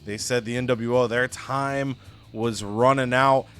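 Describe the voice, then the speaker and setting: A man tells the story of a game session in a loose, animated way, sprinkling in "you know" and "like." His voice sits at an ordinary middle pitch, with faint music behind him. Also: measured pace, smooth. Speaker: let's-play co-host. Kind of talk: casual game recap storytelling.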